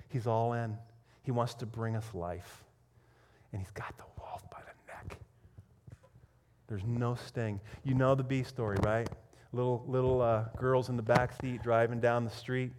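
A man preaching a sermon as pastor, telling a story with emphatic repetition and swinging between loud intensity and hushed whispers. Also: medium pitch.

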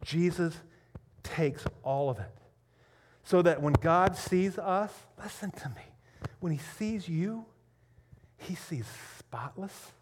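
A man preaching a sermon as pastor, telling a story with emphatic repetition and swinging between loud intensity and hushed whispers. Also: fairly high pitch, takes it slowly, pauses often, slight background noise.

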